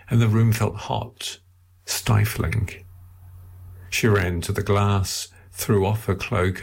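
A man reads a novel aloud in a measured, steady way, his voice very deep and gravelly. He speaks slowly, with a husky grain to the tone. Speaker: narrator. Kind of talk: audiobook reading of a novel.

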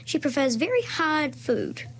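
A woman's voice: high-pitched, big pitch swings, a little slow. A woman reading aloud from a children's novel, voicing a polite, sensible girl who speaks earnestly.

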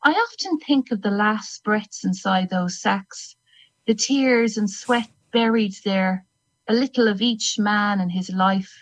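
A woman's voice: mid-range voice, takes it slowly, lightly acted, rough recording. A woman reading as a grim hangwoman. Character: older woman hangman, grim, unrepentant and secretive. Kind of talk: first-person story reading.

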